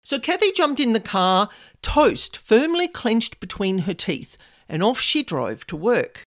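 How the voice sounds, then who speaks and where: A woman's voice: fairly high pitch, very animated, measured pace. A woman narrating a personal story in a conversational way with casual asides.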